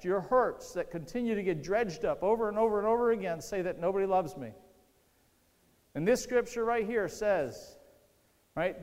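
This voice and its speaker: Male pastor, sermon, conversational, repeats key lines, asks the congregation questions, slightly high voice, long hall reverb. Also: darkish tone.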